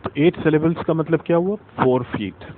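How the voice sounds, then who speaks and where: A man, teaching literature in a patient, explanatory lecture style and repeating points as he goes. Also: fairly high pitch. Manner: patient, repeats points and reads verse slowly with stressed syllables. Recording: phone-like audio with faint traffic noise.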